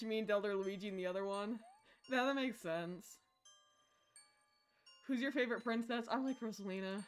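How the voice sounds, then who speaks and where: A woman streaming a horror game live, excitable, shrieking and laughing at the game and chatting with viewers. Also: medium pitch, moderate pace, long pauses, smooth, faint music behind.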